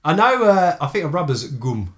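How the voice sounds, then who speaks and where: A man's voice: fairly high pitch, big pitch swings, moderate pace, fairly bright tone. Man, podcast co-host, casual banter, joking, rambling. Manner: jokey, rambling, chuckling.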